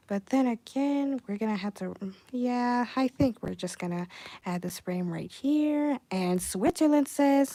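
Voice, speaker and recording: A woman's voice: on the high side, a little slow, no room sound. Chatty young woman livestreaming animation. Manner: chatty, reads chat aloud, excitable outbursts. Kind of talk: casual livestream chat while animating.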